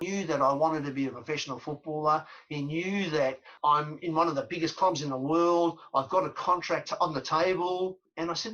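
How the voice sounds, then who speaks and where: An Australian man in his fifties sits as an interview guest and tells stories of his football past, repeating key words for emphasis. His voice sits somewhat high and sounds husky. The recording is a little dull and muffled. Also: a little fast, few pauses. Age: 50s. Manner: animated storyteller, repeats phrases for emphasis. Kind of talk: storytelling interview.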